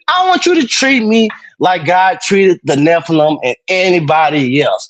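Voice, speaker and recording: A man's voice: high-pitched, animated, normal speed, few pauses, no room sound. A man hosting a livestream, rambling through crude, joking, teasing chat. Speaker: livestream host.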